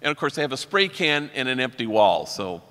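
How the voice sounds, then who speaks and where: A middle-aged man, a priest, telling wry stories in a religious talk and slowing down for his punchlines. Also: medium pitch, big pitch swings, pushed and bright, clear, resonant tone. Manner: wry, anecdotal, slows down for punchlines. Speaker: priest giving a keynote talk. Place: large convention hall. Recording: long reverb of a large hall.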